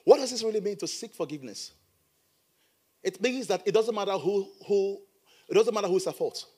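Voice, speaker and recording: A middle-aged man preaching a sermon as a pastor in church, animated with playful asides. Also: sits high, fairly quick, breathy edge.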